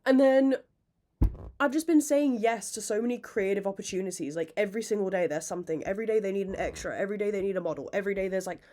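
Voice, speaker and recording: A young woman hosting a casual podcast, rambling, self-mocking and quick to laugh, swearing freely. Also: medium pitch, dark tone. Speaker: podcast host. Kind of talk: casual chat.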